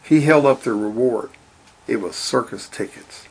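A man reading a children's-style story aloud in a deadpan, matter-of-fact way. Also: mid-range voice, a little slow, gravelly, husky. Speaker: narrator.

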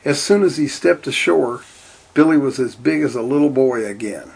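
A man reading a storybook aloud in a steady, deadpan way. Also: mid-range voice, moderate pace, vocal fry, breathy edge. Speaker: narrator.

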